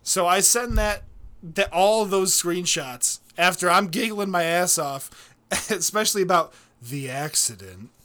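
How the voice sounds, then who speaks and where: A man telling a funny story in casual chat, animated, swearing freely and laughing often. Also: high voice, a little slow.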